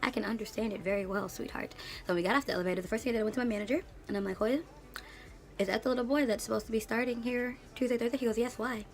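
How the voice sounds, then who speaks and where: A woman in her late twenties, an English teacher, ranting in a casual vlog with sassy, animated storytelling and slang. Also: fairly high pitch, rapid-fire. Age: late 20s.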